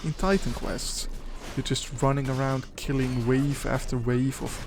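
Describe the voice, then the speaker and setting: A man's voice: medium pitch, steady tone, a little slow, background noise. A young man giving casual, rambling, crude and jokey commentary over a game he is playing. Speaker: gaming commentator. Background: background music.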